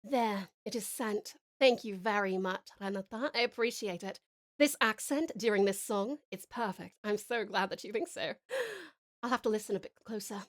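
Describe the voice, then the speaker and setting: A woman putting on a put-on British accent to play a posh, polite lady who speaks softly and genteelly and calls everyone darling. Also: mid-range voice, animated, moderate pace, voice pushed down, close to an everyday voice.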